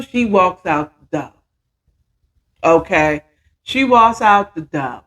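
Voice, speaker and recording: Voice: mid-range voice, expressive, slow, pauses often, fairly bright tone. A podcast host, casually retelling a story in a chatty, slangy way and acting out the characters' lines.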